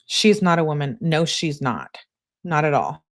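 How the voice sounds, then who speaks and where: A woman's voice: deep voice, expressive, unhurried. A woman hosting a true crime channel, reading text messages aloud and breaking in with blunt, incredulous comments.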